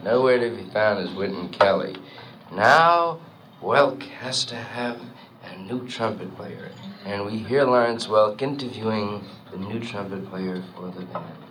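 A male comedian setting the scene with brisk narration during stand-up storytelling. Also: lowish voice, crowd noise, low-quality recording. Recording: loud noise, audience laughter.

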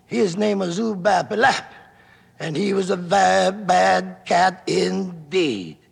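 Man spinning a jive tale, high bright voice, husky grain, long hall echo, faint music. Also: slow. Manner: jive slang, rhythmic, swings from hushed to shouting. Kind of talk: jazz-hipster spoken storytelling.

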